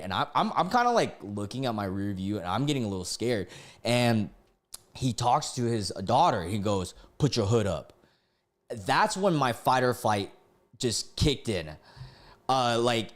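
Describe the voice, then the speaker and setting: A man streaming from home, telling a personal story in a casual, rambling way with many fillers and self-corrections. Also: medium pitch.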